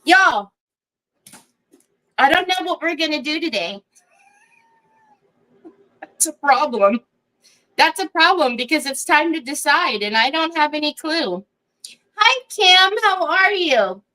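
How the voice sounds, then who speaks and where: A middle-aged woman hosts a craft livestream. Her voice is bright and sits a little high, and she rambles in easy chat and greets viewers by name. She laughs often between thoughts. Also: animated, takes it slowly, pauses often, rough recording.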